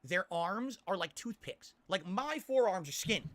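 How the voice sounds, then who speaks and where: A man's voice: sits high, expressive, normal speed, a bit bright. A man ranting on a stream, complaining insistently and asking "okay?" again and again.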